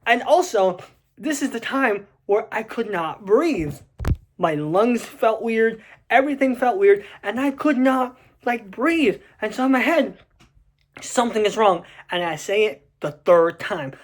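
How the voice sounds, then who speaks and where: A man's voice: high-pitched, lively intonation, measured pace. A young adult man casually telling a personal story to camera, rambling with many restarts and fillers.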